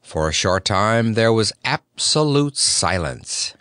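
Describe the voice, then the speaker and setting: Animated male audiobook narrator. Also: on the low side, takes it slowly, smooth, dry recording, studio quality. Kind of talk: storybook narration.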